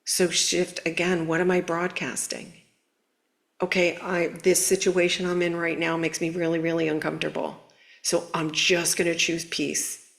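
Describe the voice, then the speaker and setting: Lower-pitched woman giving spiritual coaching. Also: normal speed, vocal fry. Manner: earnest, conversational, animated storytelling. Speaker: spiritual guidance host. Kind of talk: casual spiritual coaching talk.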